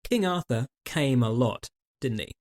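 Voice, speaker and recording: A man co-hosting a casual podcast chat, retelling TV scenes in an animated, quick way. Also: medium pitch. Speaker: podcast co-host.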